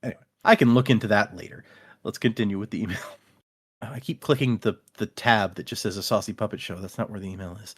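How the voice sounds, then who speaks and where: A man's voice: fairly low pitch, fast, a bit bright, husky. A man hosting a podcast, chatting casually and reading listener emails aloud. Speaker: podcast host. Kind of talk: casual chat.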